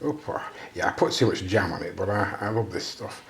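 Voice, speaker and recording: A man's voice: on the low side, lively intonation, fairly quick, creaky, a bit bright, echoey room. A British man cooking at home and chatting casually to the camera, making self-deprecating jokes as he goes. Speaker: vlogger. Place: home kitchen.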